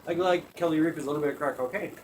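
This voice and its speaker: A man hosting a talk show, telling a comic story in an animated way, often laughing as he talks and swearing freely. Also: fairly high pitch, rapid-fire, a little hiss or hum. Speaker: podcast host. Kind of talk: comedic storytelling.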